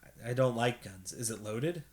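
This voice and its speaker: A man's voice: mid-range voice, normal speed, lightly acted. A man reading aloud, voicing a nervous adult male bar owner who asks startled, jittery questions. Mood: uneasy.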